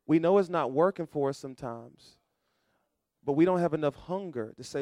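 Middle-aged male pastor, preaching sermon, fairly high voice, dry close sound. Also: lively intonation, moderate pace, dry recording. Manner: call-and-response preaching, building to loud emphatic peaks.

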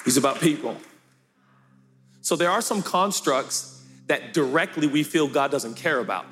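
A man preaching a sermon to a church, impassioned, swinging between hushed talk and shouting with a sing-song cadence. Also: a little high, a little slow. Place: church sanctuary. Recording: echoey hall with music behind.

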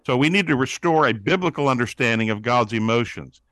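A man speaking as a guest on a talk show about prayer, explaining scripture in an animated preaching manner and acting out quoted voices. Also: mid-range voice, a little fast, dry recording. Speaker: guest, pastor-author on prayer. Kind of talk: teaching interview answer.

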